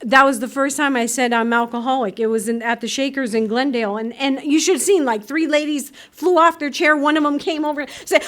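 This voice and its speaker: A woman speaking at a recovery meeting, telling her story in a lively way, acting out voices and laughing often. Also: sits high, a little fast, hardly any pauses. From United States. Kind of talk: personal recovery talk. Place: meeting room.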